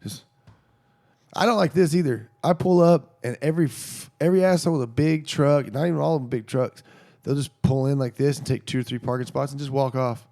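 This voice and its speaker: A man's voice: mid-range voice, a little fast, gravelly, dark tone. A man co-hosting a podcast, ranting bluntly and swearing often in casual chat.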